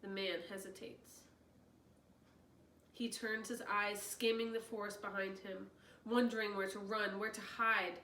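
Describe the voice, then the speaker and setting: A woman reading a novel aloud as host, with expressive, excitable asides to listeners. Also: medium pitch, a little slow. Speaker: reader, channel host. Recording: roomy distant mic, faint noise.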